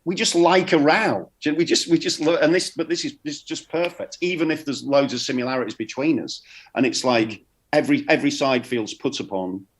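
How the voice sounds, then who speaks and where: A man's voice: a little high, fairly quick. Guy comedian rambling on, stumbles over his words a lot. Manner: rambling, repeats words, laughs often. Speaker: comedian guest. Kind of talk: casual chat.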